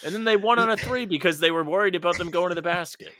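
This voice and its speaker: A man's voice: high voice, fast, bright, forceful tone, no echo. A man co-hosting a casual sports podcast who trades teasing, self-mocking wisecracks. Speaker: podcast co-host.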